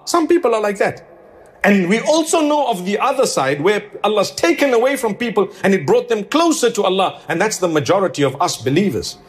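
A man delivers a sermon in a conversational, earnest way, often turning to the congregation with rhetorical questions. His voice sits a little on the high side, and his tone is pleading rather than stern. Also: very animated, brisk. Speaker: preacher.

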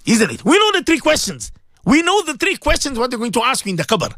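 Impassioned high-voiced male radio preacher. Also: wildly swooping pitch, fast talker, a bit bright, no echo, clean studio sound. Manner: pleading, emphatic, repeats phrases. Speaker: radio religious presenter.

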